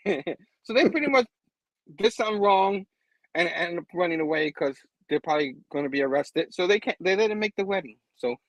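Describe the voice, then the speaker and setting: A man casually recapping a comic book, laughing often and acting out the characters in quick voices. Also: high-pitched, a bit bright, no room sound, rough recording.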